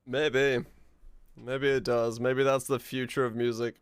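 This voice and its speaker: A man's voice: medium pitch, a little slow, smooth, no room sound. A man streaming a video game, chatting casually with viewers and ranting with lots of swearing. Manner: profane, animated ranting with bursts of laughter. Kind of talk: casual live-stream chat.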